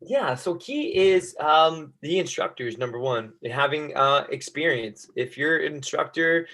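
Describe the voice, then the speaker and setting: A man in his thirties, a kickboxing coach guest, telling stories in an energetic, laughing, loosely rambling way. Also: a little high, a little slow. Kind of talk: casual interview chat.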